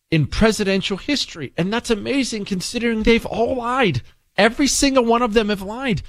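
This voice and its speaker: A man's voice: high-pitched, dry recording. A man hosting a radio talk show, delivering an opinionated monologue in an incredulous, emphatic, rambling way.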